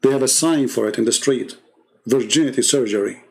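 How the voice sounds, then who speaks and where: A man's voice: mid-range voice, fast talker, gravelly, darkish tone. A man hosting a live debate stream, delivering a heated, scornful monologue full of mocking rhetorical questions.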